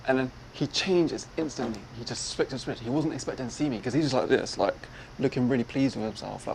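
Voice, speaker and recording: A man's voice: medium pitch, a little fast, slight background noise, low-quality recording. A man telling a personal story in a casual way. He acts out other people's lines as he goes. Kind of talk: casual retelling.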